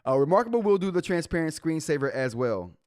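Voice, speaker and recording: A man hosting a live tech stream in a casual, chatty way. He reads through software notes and answers the chat, his pitch rising and falling a lot. The sound is dry and close, with no room echo. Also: very animated, quick pace. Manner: reads update notes aloud and reacts to chat. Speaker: tech show host.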